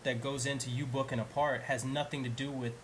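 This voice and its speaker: A man's voice: medium pitch, level tone, fairly quick, low-quality recording. A man, an actor, talking in casual conversation, earnest and reflective, often restarting his phrases.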